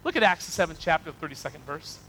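A man's voice: fairly high pitch, lively intonation, very fast, sharp tone, breathy edge, low-quality recording. A male pastor preaching a sermon, acting out people's excuses in quoted voices and reading scripture aloud.

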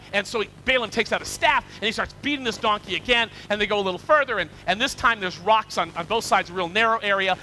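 High-voiced, animated male preacher. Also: slight background noise, low-quality recording. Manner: animated, conversational, with repetitions and asides to the audience. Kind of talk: storytelling sermon.

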